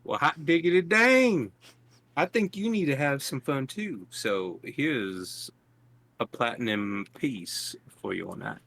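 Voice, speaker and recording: A man's voice: medium pitch, lively intonation, slow pace, creaky, fairly bright tone, heavily acted. A man voicing a folksy male adventurer with a Southern US accent. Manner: drawling, folksy.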